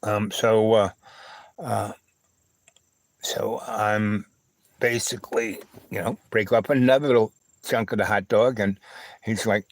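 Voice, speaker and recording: A man's voice: lowish voice, steady tone, dry recording, poor audio. A man hosting a livestream, telling a long personal story in a rambling way, full of fillers, restarts and little asides to the listener. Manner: halting, with many fillers, restarts and "you know, right?" asides. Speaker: livestream host.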